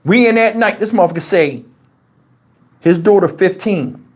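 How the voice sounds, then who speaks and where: A man's voice: high-pitched, expressive, normal speed, slightly rough. A man hosting a livestream, telling a story in a casual, profane and colloquial way on a lapel mic. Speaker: channel host. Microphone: wireless lapel mic.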